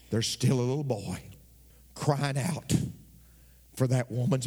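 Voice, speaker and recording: A male pastor preaching a sermon, his voice climbing high toward near shouts. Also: animated, normal speed, long pauses, slightly rough. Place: church. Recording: long reverb of a church hall.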